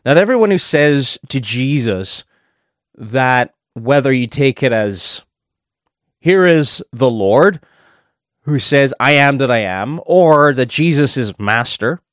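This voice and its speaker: Man, preacher, sermon, chatty asides, dry close sound, mid pitch. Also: lively intonation, slow pace, fairly bright tone, dry recording. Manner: conversational, thinking aloud with asides.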